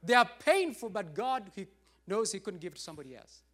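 A man's voice: high voice, very animated, fairly quick, fairly bright tone. A middle-aged man pastor preaching a sermon, emphatic and repetitive, with rising bursts.

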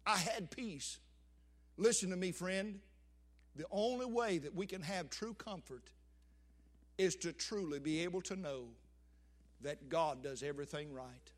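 A man's voice: high-pitched, a little slow, long pauses. An older man preaching a sermon, with emphatic swells and sudden drops.

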